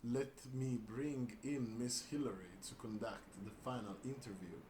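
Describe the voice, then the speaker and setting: A man's voice: mid-range voice, normal speed, warm tone, lightly acted. A man voicing a domineering woman boss who barks orders in a commanding manner. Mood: bossy. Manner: bossy, commanding. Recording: roomy room with faint hiss.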